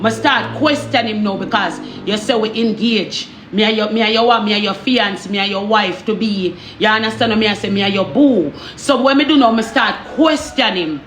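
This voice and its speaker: Animated Jamaican woman telling a story. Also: medium pitch, normal speed, few pauses, echoey room, soft background music. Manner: animated, repetitive, asks "you understand me?". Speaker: storyteller vlogger. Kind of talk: casual storytime in patois.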